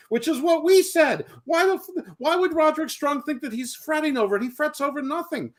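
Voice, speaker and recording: A man co-hosting a wrestling review chat, arguing his point quickly. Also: extremely high pitch. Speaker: podcast co-host. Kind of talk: casual chat.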